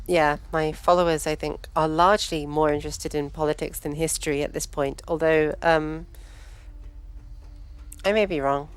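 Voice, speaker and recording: A woman's voice: low voice, fairly even intonation, moderate pace, clean tone. A woman chatting casually while gaming, sounding tired and hesitant as she thinks aloud. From South London. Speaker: stream host and teacher.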